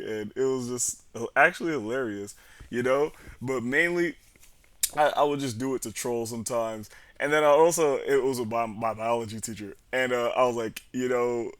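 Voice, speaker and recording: A young man telling a story in a casual, rambling way, slangy and profane with lots of fillers. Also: medium pitch. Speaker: vlogger.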